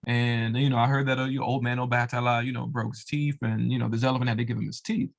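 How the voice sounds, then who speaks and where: A man's voice: medium pitch, level tone, gravelly, natural voice. A man voicing a nosy wife in a folk tale who insists she already knows the secret. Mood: prying. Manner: prying, quick. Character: nosy knowing wife of the diviner.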